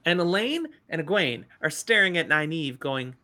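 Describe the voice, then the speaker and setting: A woman co-hosting a casual book-discussion podcast, retelling scenes with animated energy. Her voice is bright and swings widely in pitch. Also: moderate pace. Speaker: podcast co-host.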